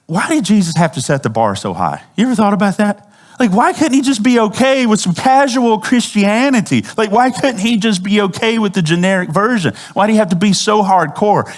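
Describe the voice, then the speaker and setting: A male pastor delivering a sermon in a relaxed, chatty way. He keeps asking the congregation questions. His voice sits a little above the usual male pitch. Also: fairly quick. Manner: conversational preaching, asks the congregation questions.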